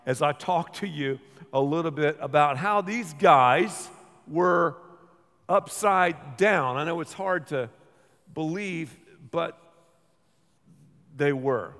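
A man with a high, bright voice preaches to a congregation, playful and animated as he acts out the people in the story. His voice rings out with a long echo, like in a big auditorium. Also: takes it slowly, pauses often. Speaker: pastor. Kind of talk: sermon with live painting.

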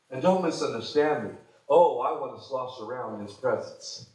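A man preaching a sermon as pastor, fervent, swinging between shouted exhortations and low, quiet asides. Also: lively intonation, normal speed. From United States. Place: church sanctuary. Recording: very echoey church hall.

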